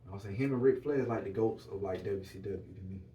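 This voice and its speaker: A man's voice: on the low side, fast, mellow, recorded from a distance, a little hiss or hum. A man hosting a podcast in casual solo chat, hyped and repetitive, full of slang and constantly addressing his viewers. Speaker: podcast host.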